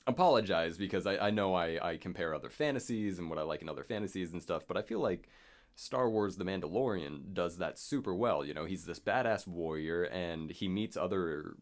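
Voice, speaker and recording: A man with a very deep voice co-hosts a casual podcast chat. His pitch swings widely as he gets enthusiastic, with freely dropped swearing. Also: animated, fairly quick. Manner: enthusiastic, swearing, laughs often. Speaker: podcast co-host.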